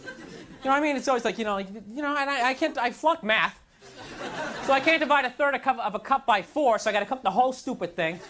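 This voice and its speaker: A man's voice: very high voice, lively intonation, fast talker, a bit bright. A man doing a stand-up comedy set, ranting in an exasperated, self-mocking way and slipping into mocking voices. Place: comedy club stage. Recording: live club recording with crowd and noise. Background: audience laughter.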